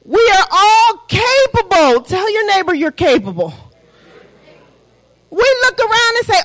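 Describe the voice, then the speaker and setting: A woman's voice: extremely high pitch, expressive, measured pace, poor audio. A woman preaching a sermon, asking the congregation rhetorical questions and calling for responses.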